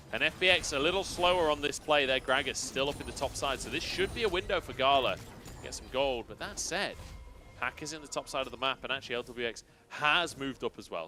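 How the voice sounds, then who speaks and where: A man casting a live esports match, giving analysis with lively, laughing banter. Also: mid-range voice. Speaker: esports caster. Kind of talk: live color commentary.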